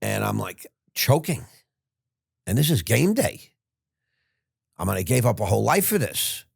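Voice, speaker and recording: An older man tells a long story in a loose, rambling way, often stopping and restarting mid-sentence. His voice is low and husky, with a gravelly edge. The sound is close and dry. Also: sing-song, normal speed, no room sound. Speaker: podcast guest. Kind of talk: casual storytelling.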